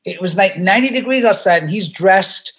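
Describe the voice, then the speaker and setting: A middle-aged man shares an anecdote in a casual, animated way, often laughing and restarting his sentences. His voice is bright and forward. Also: sits high, fairly quick. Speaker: actor guest. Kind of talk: casual storytelling.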